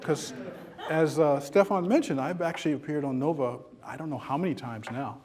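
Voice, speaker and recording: Animated male keynote speaker telling a story. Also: moderate pace. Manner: animated, acts out dialogue in a story with rising pitch; self-deprecating humor, frequent fillers. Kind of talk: lecture with humorous storytelling. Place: lecture room with audience.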